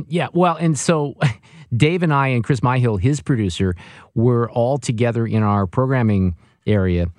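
A man's voice: medium pitch, a little slow, darkish tone, dry recording. A man hosting talk radio, telling a story in casual on-air banter with frequent laughs. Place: radio studio. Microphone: studio mic.

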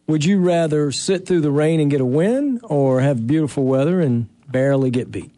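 Brief: man, fairly high voice, playful banter, dry studio mic. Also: moderate pace, no room sound. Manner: playful, teasing, protests loudly. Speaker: sports radio co-host. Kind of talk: casual sports radio banter.

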